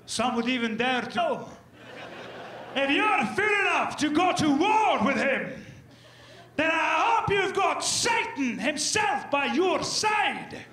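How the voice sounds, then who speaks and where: A man voicing a grandiose Scottish nobleman with a Scottish accent, drawn-out booming proclamations. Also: sharp tone, reverberant, heavily acted.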